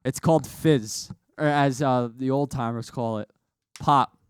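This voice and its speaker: A man's voice: medium pitch, measured pace, smooth, no room sound. A man doing joking color commentary on an esports match from a college studio set, teasing his partner. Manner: playful, teasing banter. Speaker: esports co-caster.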